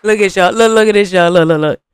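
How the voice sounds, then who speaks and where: A woman's voice: medium pitch, quick pace, clean tone, dry recording, a faint crowd. A young adult woman, hosting a podcast and giving casual, profane reaction commentary while talking straight to her viewers. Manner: animated, profane, talks to viewers as y'all. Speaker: podcast host reacting to a reality show.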